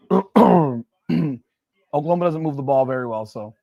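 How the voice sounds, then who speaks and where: A man's voice: fairly high pitch, a little slow, creaky, no echo, highs cut off. A man hosting a live football watch party, reacting to plays and ranting about rankings. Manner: excitable sports fan talk with repetitions, shouting at plays. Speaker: host of a sports live stream.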